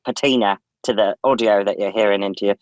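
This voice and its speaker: A man's voice: fairly low pitch, fairly even intonation, fast, no room sound, close to an everyday voice. A man putting on a polished British accent, playing a posh radio-style speaker. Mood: posh, mock-serious. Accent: British, put on.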